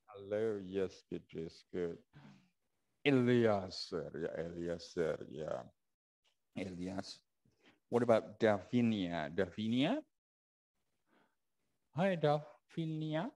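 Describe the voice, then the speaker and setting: Low, slow Indonesian man teacher. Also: a little mellow, rough recording. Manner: hesitant, many fillers and restarts. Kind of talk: online class roll call. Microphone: video call.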